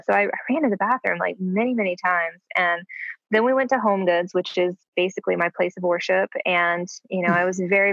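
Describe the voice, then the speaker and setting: A woman in her thirties telling a personal story in a casual chat, animated and full of fillers, often acting out her own past lines. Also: on the low side, no echo. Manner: animated, many fillers, quotes herself in lively voices. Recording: slightly dull dry sound.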